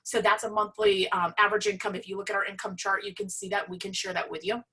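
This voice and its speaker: Passionate woman with a husky voice. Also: medium pitch, flat delivery, fast talker, bright, forceful tone. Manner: passionate, emphatic, upbeat. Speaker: presenter sharing her business story. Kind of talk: motivational pitch.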